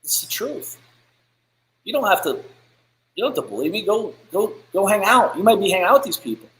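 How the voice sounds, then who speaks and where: A fired-up man hosting a live business stream, preaching bluntly and swearing freely. His voice sits high for a man, and it rings in an echoey room. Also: big pitch swings, fairly quick, fairly bright tone. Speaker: business podcast host. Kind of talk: live-streamed motivational rant.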